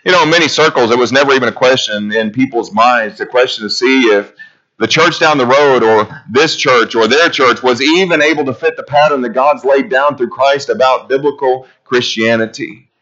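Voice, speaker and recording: A man preaching a sermon in a church, earnest and full of rhetorical questions, his voice swelling high and then dropping low. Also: normal speed, a bit bright, highs cut off.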